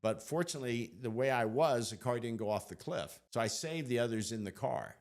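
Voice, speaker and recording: An older man as an interview guest, telling a personal story in an animated way, laughing often and acting out what others said. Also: medium pitch, fairly quick.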